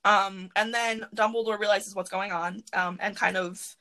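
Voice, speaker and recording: A woman hosting a podcast from her closet, chatting casually and rambling excitedly with lots of fillers. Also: medium pitch, normal speed, low-quality recording. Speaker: podcast host. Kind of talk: casual chat.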